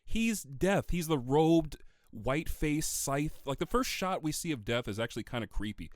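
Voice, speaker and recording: Male podcast co-host, casual and excitable, laughs through his points, dry close sound. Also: a little high, moderate pace, dry recording. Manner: animated, laughs often, swears casually. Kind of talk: casual movie discussion.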